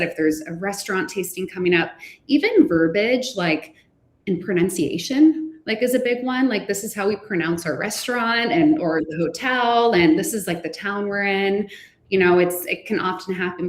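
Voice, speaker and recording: Hotel brand rep, woman, lower voice, upbeat and casual, echoey room. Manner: upbeat, lots of "like". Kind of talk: webinar panel discussion.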